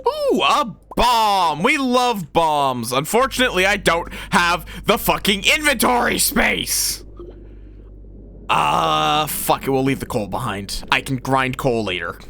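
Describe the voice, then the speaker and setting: A man's voice: on the high side, expressive, a little slow, creaky, sharp tone. A man casually commentating his gameplay on a live stream, swearing now and then and talking to his chat.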